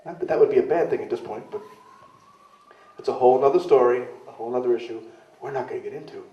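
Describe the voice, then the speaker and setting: Speaking fast in a mellow, medium-pitched voice, a wrestler rambles through self-deprecating stories in a casual interview at a London club, imitating the people involved. Sound comes from a lo-fi camcorder that makes it roomy, distant, and dull.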